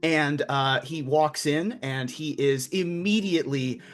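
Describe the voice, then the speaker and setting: A man describing his character in a tabletop game, slow and measured, with some fillers. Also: a little high, faint music behind. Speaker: player.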